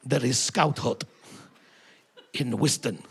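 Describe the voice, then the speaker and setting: A man's voice: mid-range voice, takes it slowly, gravelly, fairly bright tone, voice pushed down. A man voicing a grave male Russian aide in broken English with a heavy mock Russian accent.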